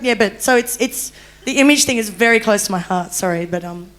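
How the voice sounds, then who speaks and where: A woman's voice: on the high side, moderate pace, fairly bright tone, a little hiss or hum. A young Australian woman telling her own story on a discussion panel, candid, laughing often and turning tearful.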